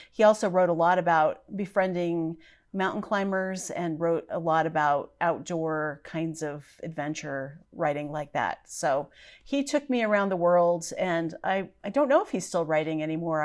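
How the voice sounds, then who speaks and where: A woman chatting casually to camera as a book vlogger, thinking aloud as she answers each prompt. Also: fairly low pitch. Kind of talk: casual chat.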